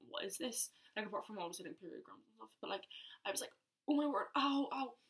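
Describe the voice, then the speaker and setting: A woman's voice: mid-range voice, pushed and bright. A young woman telling a personal story in a rambling, chatty way, often interrupting herself. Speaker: vlogger.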